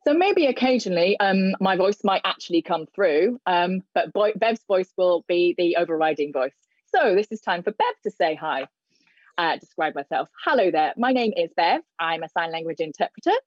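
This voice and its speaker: A woman sign language interpreter gives a live spoken voice to a deaf host's signing, pausing often with fillers and restarting sentences. Her voice sits fairly low. It comes through a dull, muffled video call line with no room sound. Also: expressive, no echo. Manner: hesitant, many fillers and restarts. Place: indoors in front of a plain grey backdrop.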